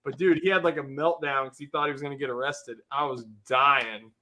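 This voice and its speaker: Bright-voiced rambling livestream dad. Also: male voice, medium pitch, fairly even intonation, brisk. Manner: rambling storyteller, laughs a lot, greets chat viewers. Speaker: livestream host. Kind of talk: casual livestream chat.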